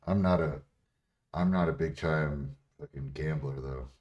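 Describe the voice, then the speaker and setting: A man's voice: extremely low pitch, steady tone, measured pace, darkish tone. A young man chatting casually on a livestream, blunt and full of profanity as he answers questions from chat. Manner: profane, blunt, laughs often.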